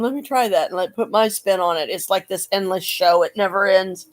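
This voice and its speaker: Woman rambling to her webcam, giggly and crude, folksy slang, middle pitch. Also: fairly quick. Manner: chatty, laughs often, crude jokes, folksy slang. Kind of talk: rambling casual vlog monologue. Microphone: computer webcam.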